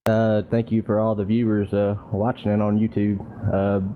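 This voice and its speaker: A man, a driver, giving a casual post-race interview, halting with many fillers. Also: lowish voice, little pitch movement, narrow, tinny audio.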